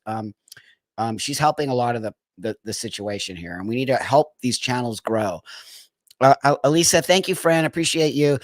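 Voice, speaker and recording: A man's voice: medium pitch, fairly bright tone, no room sound, clean studio sound. A man hosting a live stream of political commentary, talking straight to his viewers in a heated, emphatic way. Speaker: livestream host.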